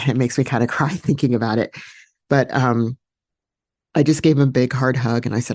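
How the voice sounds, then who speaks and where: A woman hosting a podcast, telling a personal story solo in a reflective, unhurried way with many fillers and restarts. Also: extremely low pitch, steady tone, a little mellow, dry recording, clean studio sound. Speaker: podcast host.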